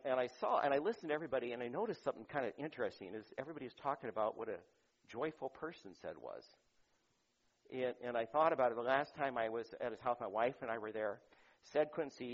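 A male pastor giving a conversational sermon, asking rhetorical questions and swinging between loud emphasis and quiet, intimate asides. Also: medium pitch, lo-fi sound.

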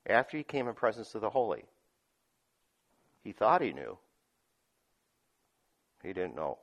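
A man preaching a sermon, reading scripture aloud and explaining it, moving between loud emphatic lines and quiet asides with frequent chuckles. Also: fairly low pitch, animated, a little fast, long pauses. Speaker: pastor.

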